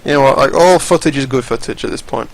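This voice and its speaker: A man's voice: medium pitch, fast, gravelly, low-quality recording. A young man giving casual, rambling, profane commentary over fighting game footage, often restarting his sentences.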